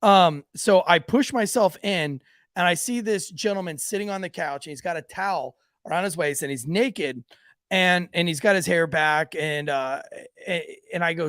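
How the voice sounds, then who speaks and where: A man, a police officer who hosts a podcast, tells a story in a profane, animated way and acts out the voices of the people in it. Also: sits high, moderate pace, no echo, clean studio sound. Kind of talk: casual storytelling. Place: podcast studio.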